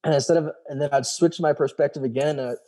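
A man in his thirties tells his story in a casual interview. His voice is mellow and warm, and he acts out the people he quotes. He swears casually as he talks. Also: on the high side, steady tone, fast. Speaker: guest, former special operations soldier.

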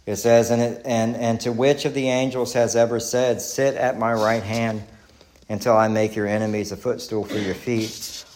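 A male pastor with a Texan accent delivers an earnest, conversational sermon. His voice sits at an ordinary middle pitch, and he restarts phrases and repeats his questions. The sound is roomy, as in a church sanctuary. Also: flat delivery, moderate pace, darkish tone, slight background noise.

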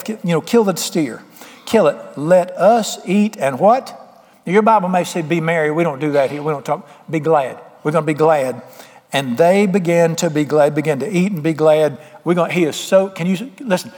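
A man's voice: fairly high pitch, a little mellow, long reverb tail. A man preaching a sermon, folksy, plain-spoken and emphatic with homespun sayings. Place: church sanctuary.

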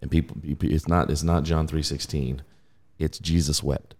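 Deep-voiced man teaching scripture casually. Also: unhurried. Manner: animated, laughing, mimics voices.

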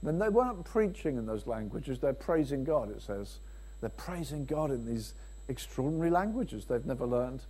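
A man preaching a sermon, swinging from emphatic peaks to quiet, low passages and acting out quoted speakers. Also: lively intonation, normal speed. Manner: acts out quoted speakers in dialogue.

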